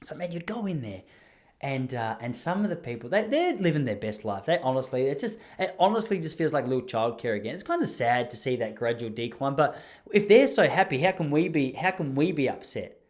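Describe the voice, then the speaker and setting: A man's voice: mid-range voice, expressive, brisk. Give me a young Australian man hosting a podcast, rambling and self-deprecating. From Traralgon, Gippsland, Australia. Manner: rambling, self-mocking, frequent restarts. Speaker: podcast host. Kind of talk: casual storytelling.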